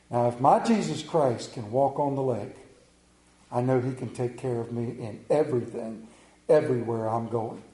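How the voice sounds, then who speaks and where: A man preaching a sermon, telling Bible stories and acting out the characters, swinging between loud bursts and quiet low passages. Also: roomy sound, poor audio. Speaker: pastor.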